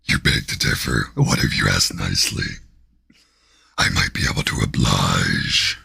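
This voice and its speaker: Cavernous demon voice, very low, gravelly growl, slow teasing menace, live stream character voice. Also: male voice, pushed and bright, exaggerated voice. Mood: teasing, menacing. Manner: slow, teasing, playfully threatening.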